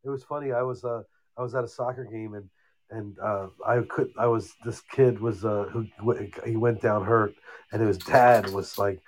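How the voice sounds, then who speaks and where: A man's voice: on the low side, steady tone, normal speed. A middle-aged man co-hosting a casual podcast, joking and telling rambling stories. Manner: laid-back, joking, rambling storyteller. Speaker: podcast co-host. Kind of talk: casual chat.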